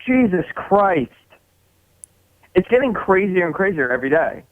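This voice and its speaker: A man's voice: high voice, big pitch swings, moderate pace, dry recording. A male caller on a call-in show, exasperated and stammering as he talks. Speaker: caller, chat room owner. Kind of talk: phone call-in. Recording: tinny phone line.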